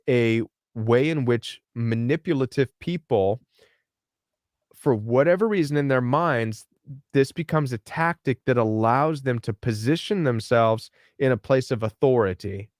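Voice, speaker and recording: A man of middling pitch, a life coach speaking as a podcast guest. He tells stories in an animated way and voices the people in them. The sound is dry and close. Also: unhurried, no echo. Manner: animated storyteller acting out quoted dialogue. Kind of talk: podcast interview storytelling.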